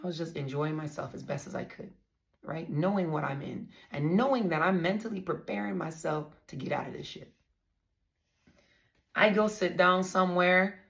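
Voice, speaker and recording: A woman's voice: lowish voice, normal speed, creaky, a bit bright. A woman vlogger candidly telling her own story to her viewers, blunt and profane, often calling them y'all.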